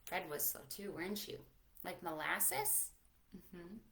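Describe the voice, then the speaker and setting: A young adult woman, a children's librarian, leading a livestreamed preschool storytime in an animated, sing-song way, talking to little children and a puppet. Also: on the low side, slow, gravelly.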